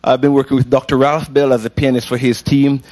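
A middle-aged man with a Jamaican accent, a gospel pianist talking about his faith and ministry in a casual interview, exclamatory and quick to laugh. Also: medium pitch, level tone. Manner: warm-hearted, laughs often, exclamatory.

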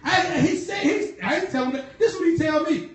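Woman preacher, real high voice, slangy storytelling, gets loud and repeats herself, sounds far off in a big echoey church. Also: animated, fairly quick. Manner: fervent, repetitive, shouting bursts, laughs. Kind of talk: sermon.

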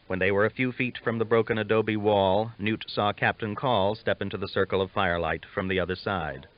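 A man reading a novel aloud as an audiobook narrator, steady and measured, on a dull lo-fi recording. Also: lowish voice. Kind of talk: scripted narration.

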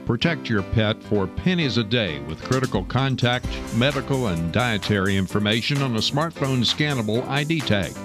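A man reading scripted sponsor messages in a smooth, even announcer delivery. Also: medium pitch, moderate pace, few pauses. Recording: voice over loud music bed.

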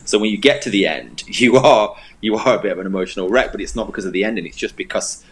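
A man's voice: fairly low pitch, fast, poor audio. A man co-hosting a film review show, talking in an enthusiastic, casual way and repeating words for emphasis. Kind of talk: casual chat.

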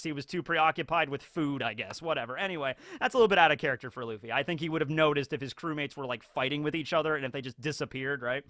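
A man's voice: on the high side, sharp tone, no echo. A man hosting a video, recapping a movie in a rambling, casual way full of fillers. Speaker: video host.

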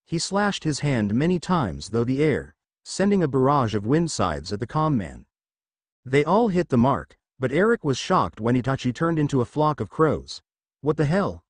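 A man narrating a fan fiction story in an expressive storytelling voice. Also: medium pitch, moderate pace, no room sound.

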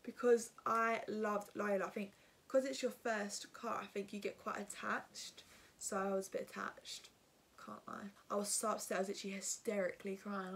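A woman's voice: mid-range voice, level tone, normal speed, creaky, a bit bright, slight background noise. A young woman tells a casual storytime to her viewers, rambling with lots of fillers. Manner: rambling, filler-heavy, chatty. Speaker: vlogger.

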